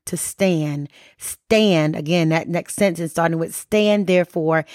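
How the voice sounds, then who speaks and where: A woman's voice: on the low side, darkish tone, dry recording, studio quality. A middle-aged woman hosting a faith podcast, teaching in a conversational way and often checking in with "right?". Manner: conversational, keeps asking "right?". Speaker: podcast host.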